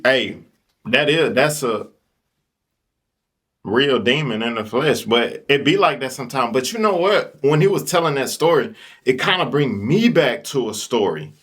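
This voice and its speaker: A man's voice: mid-range voice, measured pace. A man hosting a reaction video, commenting casually in slang. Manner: lively, slangy. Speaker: reaction host.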